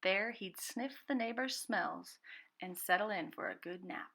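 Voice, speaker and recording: Bright-voiced woman reading a storybook lesson. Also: mid-range voice, measured pace. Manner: clear, explaining words to children. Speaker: preschool teacher. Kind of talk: storybook read-aloud lesson.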